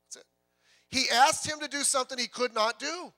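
A man preaching a sermon as pastor, in a lively, conversational way with jokes and quick self-repeats. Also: very high voice.

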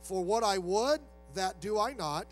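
High-voiced guy preaching, chatty sermon, acts out the voices, faint music and hum behind him. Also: expressive, measured pace, low-quality recording. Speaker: pastor.

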